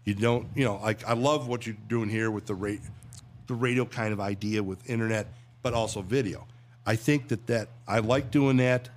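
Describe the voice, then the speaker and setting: A man's voice: on the low side, steady tone, moderate pace, slight background noise. A man who works in radio and voiceovers, a guest chatting casually and telling jokes with acted voices. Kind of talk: casual chat and joke-telling.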